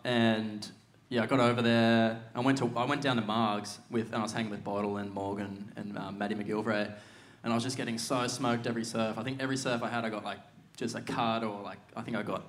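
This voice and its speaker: A young Australian man, a surfer guest, telling stories in a laid-back way with frequent laughs. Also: medium pitch. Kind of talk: casual podcast chat.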